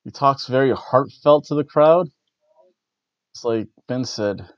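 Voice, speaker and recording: A man casually reviewing wrestling matches, rambling and restarting his sentences with the odd chuckle. His voice is mid-pitched. The audio is dry and slightly muffled, like a modest home setup. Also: unhurried, pauses often, no room sound. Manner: rambling, self-correcting, chuckles often. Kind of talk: casual spoken event review.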